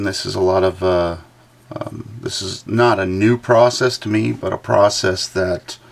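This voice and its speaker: A very low, gravelly male voice that talks along as he draws. He rambles and thinks out loud, full of uhs and half-finished thoughts, like an artist chatting with viewers during a live stream. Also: a little hiss or hum. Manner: rambling, thinks aloud with many fillers. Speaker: artist livestreaming a drawing session. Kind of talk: casual running commentary while drawing.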